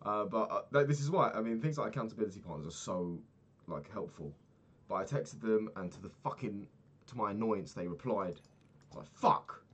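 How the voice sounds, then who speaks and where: A man's voice: fairly low pitch, animated, moderate pace, slightly rough. A young man chatting casually about his day over a video game, rambling and swearing freely. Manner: rambling, sweary, self-mocking, frequent restarts. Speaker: vlogger. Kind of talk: casual daily diary talk over gameplay.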